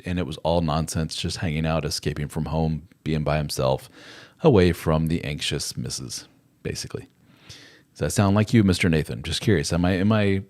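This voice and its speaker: A middle-aged man with a very low, deep voice hosts a live chat. He rambles conversationally and drifts easily into acted-out quotes. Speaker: host. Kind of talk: live chat advice talk.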